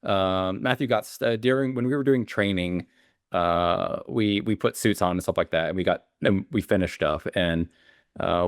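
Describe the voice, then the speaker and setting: A man's voice: low voice, dry recording, studio quality. A man, a beekeeper guest telling stories in a rambling way, full of fillers and restarts. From Alabama. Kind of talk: casual interview storytelling.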